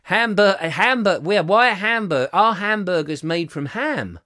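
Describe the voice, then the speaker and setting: A man hosting a comic live chat show, rambling jokily and reading out viewer comments, swinging between loud bursts and mumbled asides. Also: high-pitched, animated, a little slow, dry recording, clean studio sound.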